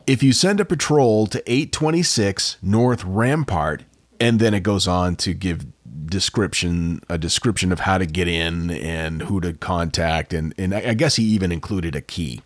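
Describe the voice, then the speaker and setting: A man's voice: deep voice, normal speed, dry recording. A man co-hosting a podcast, casually telling a true-crime story with jokey asides. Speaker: podcast co-host.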